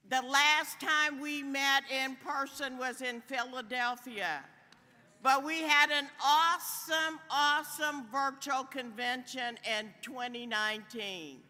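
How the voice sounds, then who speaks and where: A woman welcoming members to a meeting as its chair, measured with some hesitant restarts. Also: sits high, bright, forceful tone. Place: large convention hall. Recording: long hall reverb.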